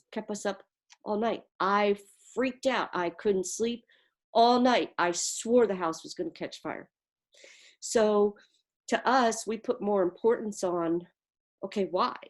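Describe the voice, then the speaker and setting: A woman giving an earnest, vivid personal account on a video call. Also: medium pitch. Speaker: interviewee.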